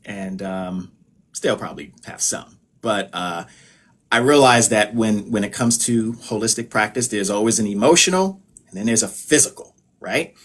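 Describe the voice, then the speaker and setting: A man from the United States, a holistic health practitioner, talking casually on a live stream. He explains in a relaxed way and leans on filler phrases. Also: lowish voice.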